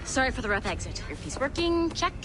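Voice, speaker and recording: An actress playing a sharp-tongued, sarcastic female tech agent in a video game, with steady ambient noise behind. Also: high-pitched. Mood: brisk. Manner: brisk, sarcastic.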